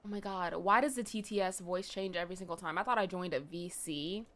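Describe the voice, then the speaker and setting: A woman's voice: on the low side, fairly quick, fairly bright tone. A young woman streaming live, chatting casually with her viewers and reading chat aloud, swearing now and then.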